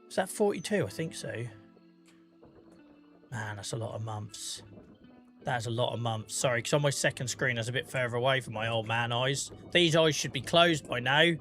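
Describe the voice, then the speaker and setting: Bright-voiced jokey streamer man. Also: medium pitch, animated, normal speed, faint music behind. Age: 40s. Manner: chatty, jokey, greets chat by name, laughs often. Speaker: live streamer. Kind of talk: casual gaming stream chat. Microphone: boom-arm microphone.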